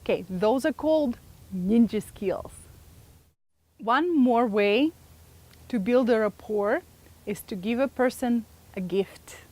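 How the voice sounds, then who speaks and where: Lady teaching a workshop, kinda high voice, keeps asking the crowd questions. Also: darkish tone, dry recording. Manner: engaging, asks the audience questions. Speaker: workshop presenter. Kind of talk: live seminar talk to an audience.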